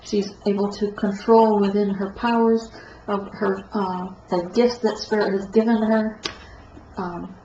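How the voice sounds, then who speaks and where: A stuffed-up woman reads tarot cards in a flat, even voice, wandering and correcting herself as she goes. She sounds a little dull and lo-fi in an echoey room, with a faint hiss underneath. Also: medium pitch. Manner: meandering, halting, self-correcting. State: stuffed-up nose. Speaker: tarot reader. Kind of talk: tarot reading monologue.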